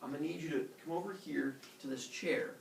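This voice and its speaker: A man voicing a matter-of-fact male blacksmith god who explains things calmly. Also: on the high side, a little fast, gravelly, slight background noise. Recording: roomy classroom from far off.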